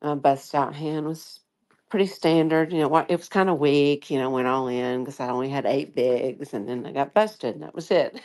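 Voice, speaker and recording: A woman's voice: low-pitched, lively intonation, normal speed, a little mellow. A tired woman with a slight lisp, telling a story in rambling, chatty co-host talk. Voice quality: slight lisp from a dental tray. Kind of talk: casual chat.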